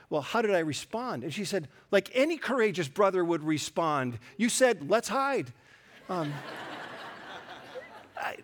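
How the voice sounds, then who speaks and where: A middle-aged man preaching a sermon, earnest and storytelling, with touches of self-deprecating humor. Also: a little high. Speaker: pastor.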